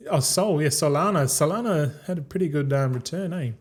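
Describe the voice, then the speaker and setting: A man's voice: on the high side, fairly quick, slightly rough. A young man streaming a game, rambling and ranting casually with lots of swearing. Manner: rambling, profane, fired-up ranting.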